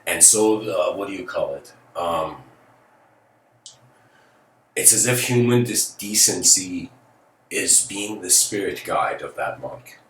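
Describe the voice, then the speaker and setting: A man's voice: low-pitched, animated, slow pace, long pauses, fairly bright tone. A man giving a philosophical lecture, telling a story in a casual, rambling way with many fillers like "you know.". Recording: roomy, distant mic, faint noise.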